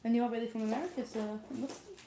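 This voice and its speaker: A woman's voice: a little high, very fast, warm tone, slight background noise. A chatty young woman, giggling as she reads viewer comments aloud during a casual live stream from home.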